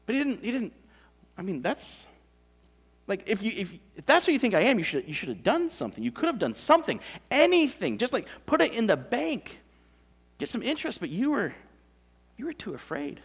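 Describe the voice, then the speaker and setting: Animated, high-voiced male preacher. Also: moderate pace, long pauses, husky. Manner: conversational, animated storytelling with asides. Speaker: pastor. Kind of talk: sermon.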